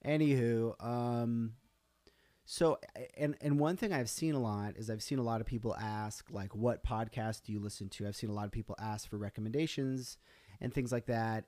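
A man's voice: medium pitch, darkish tone, no echo. A man hosting his own podcast on a live stream, talking casually and rambling with fillers and restarts. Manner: rambling, chatty, self-interrupting with fillers. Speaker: podcast host.

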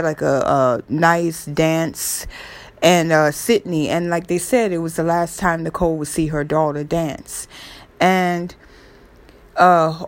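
A woman casually retelling a story in a rambling, chatty way, with many fillers and restarts. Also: deep voice. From New York area. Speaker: true crime vlogger.

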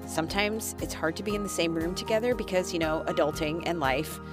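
A woman's voice: on the low side, fairly quick, music in the background. A woman hosting a podcast, telling her own story in a candid, self-deprecating way and talking straight to her listeners. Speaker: podcast host.

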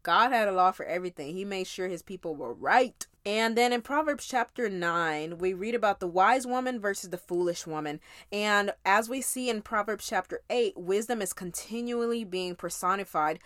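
A woman, acting as teacher, goes over a week's Bible reading casually, conversationally and emphatically, speaking straight to listeners. Her mid-range voice is a bit bright; the sound is clean studio with no echo.

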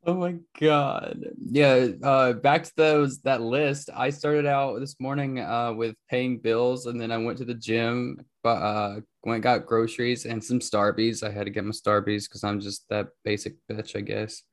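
A man's voice: mid-range voice, flat delivery, unhurried, few pauses. A young man co-hosting a casual podcast, laid-back, swearing freely and laughing often. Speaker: podcast co-host. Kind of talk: casual chat.

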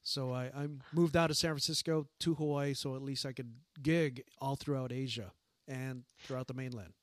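A man's voice: mid-range voice, fairly even intonation, moderate pace, dry recording, studio quality. A man who is a stand-up comedian, chatting casually as a guest, rambling with restarts and jokes. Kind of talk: casual interview chat.

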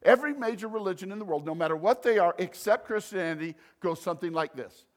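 Preaching quickly in a high voice, a male pastor stays animated throughout, moving back and forth between booming emphasis and hushed asides.

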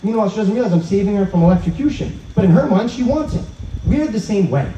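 A man giving an inspirational talk at an outdoor evening gathering, telling stories in an animated way and acting out the dialogue. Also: sits high, quick pace, slight background noise. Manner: animated storyteller who acts out quoted dialogue. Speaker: speaker at a religious event. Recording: roomy, dull sound from a distance.

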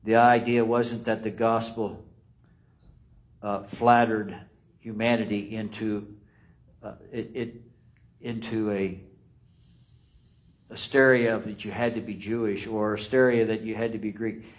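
A man preaching a sermon, emphatic and repetitive, swinging between loud rises and quiet drops. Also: fairly low pitch, flat delivery, a little slow, long pauses, low-quality recording. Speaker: pastor.

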